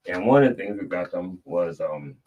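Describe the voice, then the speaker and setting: A middle-aged man, the show's comedic preacher host, telling a rambling, animated story and swinging between loud and soft. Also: deep voice, normal speed, lo-fi sound.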